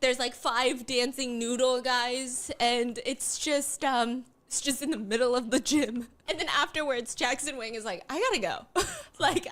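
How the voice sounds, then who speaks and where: A woman hosting a casual chat, telling a story in an animated way. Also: on the high side, a little slow, few pauses. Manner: animated storytelling, acting out quotes. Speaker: host.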